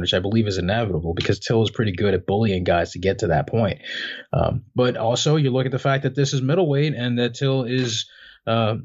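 A man's voice: mid-range voice, darkish tone. A man co-hosting a casual fight-sports talk show, rambling through his analysis with many fillers and restarts. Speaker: MMA podcast co-host. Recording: dull lo-fi audio.

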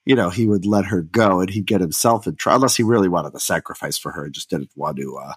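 A man's voice: sits low, quick pace, breathy edge, dry recording. A man guesting on a podcast, chatting casually and filling his talk with "like" and "you know". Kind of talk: casual discussion.

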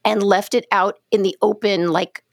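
A middle-aged woman co-hosting a podcast, telling stories in a casual chat with lively, halting restarts. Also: mid-range voice, dry recording, clean studio sound. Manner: animated storyteller, trails off mid-sentence. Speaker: podcast co-host.

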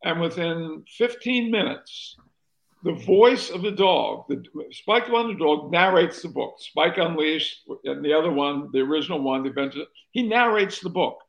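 A man's voice: fairly high pitch, lively intonation, moderate pace, creaky, rough recording. An older man, a former talk show host from North Carolina, telling stories as an interview guest, wandering and restarting as he goes. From North Carolina, USA. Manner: rambling anecdotal storyteller, restarts often.

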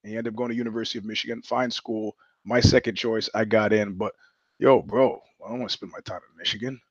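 Talking fast in a lowish, fairly even voice, a podcast host rambles through stories in a blunt, profane monologue, often restarting. The recording has no echo but sounds muffled.

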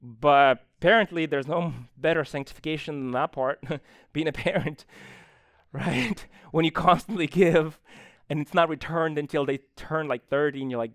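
Young guy pastor preaching live in church, slightly high voice, dry close sound, chatty. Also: moderate pace, a bit bright, no echo. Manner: conversational, acts out quoted exchanges with people. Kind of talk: live sermon.

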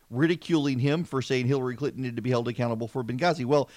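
A man from the South hosts a political podcast, talking through the news in a loose, conversational way. He drops wry asides and stumbles over repeated words when he pushes a point. His voice sits at an ordinary middle pitch and sounds dry and close, with no room sound. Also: fast, hardly any pauses, darkish tone, dry recording. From American South. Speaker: podcast host.

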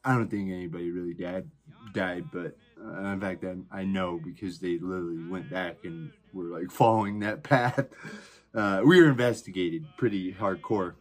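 A podcast host tells a personal story casually, rambling and swearing, with lots of fillers and restarts. His voice is low-pitched, his intonation fairly even, and his pace moderate.

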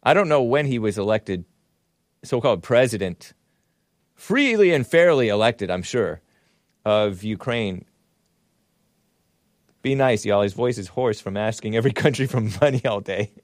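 A man's voice: lowish voice, animated, unhurried, long pauses, no echo, studio quality. A man hosting a talk show, giving sarcastic, chuckling commentary while reading out chat comments.

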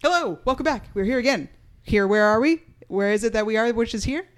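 A woman's voice: fairly high pitch, animated, a little fast, faint music behind. A woman hosting a casual podcast, recapping an episode with playful asides. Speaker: podcast host.

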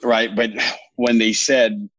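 Low-voiced man telling his story. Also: flat delivery, slow, a bit bright, no room sound, highs cut off. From California. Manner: rambling, self-correcting, wry. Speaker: podcast guest. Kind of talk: candid storytelling interview.

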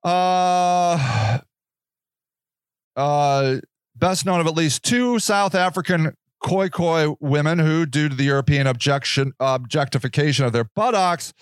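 A high-pitched man rants through a casual podcast monologue, swearing freely and dripping with sarcasm. The sound is dry and close, with no room echo. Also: normal speed. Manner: profane, ranting, sarcastic. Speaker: podcast host.

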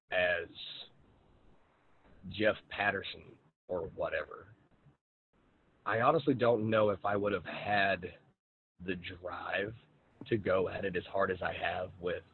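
A man hosting a podcast, asking questions in a relaxed, laid-back way with plenty of fillers. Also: low voice. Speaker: podcast host. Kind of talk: casual interview chat. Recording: tinny phone-like line, faint noise.

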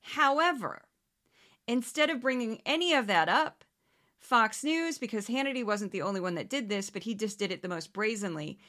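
A woman's voice: on the high side, lively intonation, moderate pace, sharp tone. A woman hosting a podcast, talking in a casual, sarcastic commentary style and putting on exaggerated voices to mimic others. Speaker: podcast host.

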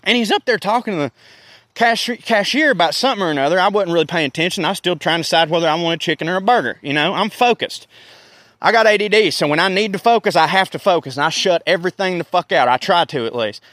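A man, telling a profane, animated story in a casual rant. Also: high-pitched, quick pace, no room sound, studio quality. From American South. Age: 30s. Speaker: podcast host.

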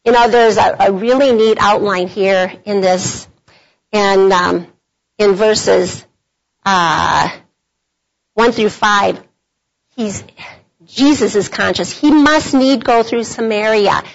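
A woman's voice: mid-range voice, slow, gravelly, pauses often. A middle-aged woman speaking at a women's conference workshop, telling a personal story in a chatty devotional style with frequent laughs. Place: meeting room at a conference. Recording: dull lo-fi conference audio.

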